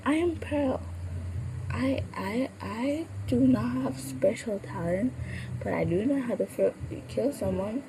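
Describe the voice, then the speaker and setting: Woman voicing a female dragon puppet, high, boastful, stumbling words, noisy background. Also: slow pace. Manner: stumbles over her words. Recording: steady background noise.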